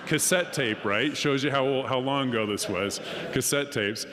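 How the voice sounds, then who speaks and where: A middle-aged man giving a personal testimony at a conference, an animated storyteller who acts out the dialogue. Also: lowish voice, moderate pace, hardly any pauses, a little hiss or hum. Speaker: conference speaker. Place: conference hall. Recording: long hall reverb.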